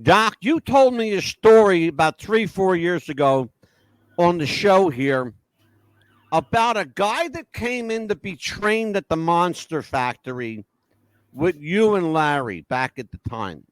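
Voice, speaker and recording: A man's voice: high voice, lively intonation, measured pace, no room sound. A man hosting a podcast in casual chat, blunt and emphatic, swearing freely. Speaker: podcast host.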